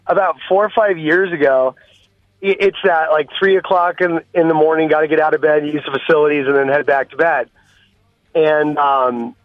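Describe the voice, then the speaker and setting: A man calling in to a radio show, excitedly telling a story and calling the hosts dude. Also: a little high, dry recording. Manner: excited, calls everyone dude. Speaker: caller. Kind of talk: casual phone-in story. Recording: dull lo-fi call-in line.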